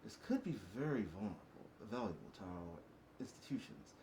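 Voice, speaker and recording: A man doing a male master assassin reading a formal letter aloud in a put-on accent, his voice muffled behind a mask. The pitch swings widely as he reads in a stiff, halting way. The room gives it a roomy echo. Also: very animated, noisy background, lightly acted.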